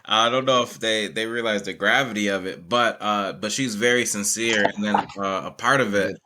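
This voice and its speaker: A male guest educator telling animated, laughing stories and acting out other people's lines in conversation. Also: fairly low pitch, moderate pace, background noise. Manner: animated, laughing, acts out quotes. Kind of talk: conversational storytelling.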